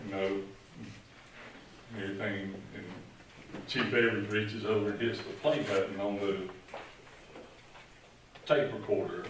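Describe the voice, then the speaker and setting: A middle-aged retired police officer with a lowish voice gives a retirement tribute, telling a rambling, folksy story at a ceremony in a large room. He's far from the mic, the room echoes, and the background is noisy.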